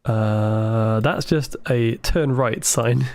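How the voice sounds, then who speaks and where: A man livestreaming a puzzle game, thinking aloud with excited asides to his chat. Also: medium pitch, unhurried. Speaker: game streamer. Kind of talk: live gameplay commentary.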